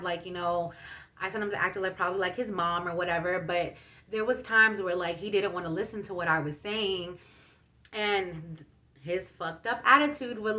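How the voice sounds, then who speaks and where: A woman's voice: mid-range voice, bright, forceful tone. Chatty young woman telling a story. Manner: chatty, many fillers, emotional retelling. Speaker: vlogger. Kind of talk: casual storytime.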